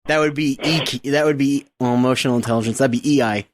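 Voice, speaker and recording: A man's voice: mid-range voice, steady tone, fast, a little hiss or hum. A man who co-hosts and engineers a podcast, chatting casually and laughing at himself. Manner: laughing, self-deprecating. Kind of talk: casual chat.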